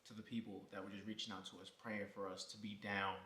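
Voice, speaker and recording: A man's voice: fairly low pitch, flat delivery, quick pace, bright, forceful tone, echoey room, slight background noise. A man co-hosting a vlog in casual chat, joking and laid-back. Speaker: vlogger, husband co-host.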